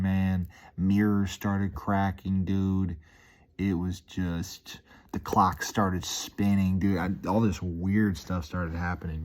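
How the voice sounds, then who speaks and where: A man's voice: sits low, a little mellow. A man rambling casually in a vlog, upbeat and easily hyped, dropping "dude" and "man" into almost every line. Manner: laid-back, peppers talk with "dude" and "man". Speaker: vlogger.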